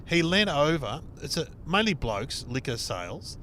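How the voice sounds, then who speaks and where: Animated Australian man telling stories. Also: on the high side, moderate pace, a little hiss or hum. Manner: animated, swearing, acts out dialogue. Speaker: comedian podcast host. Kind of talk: casual storytelling chat. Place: inside a car on a road trip.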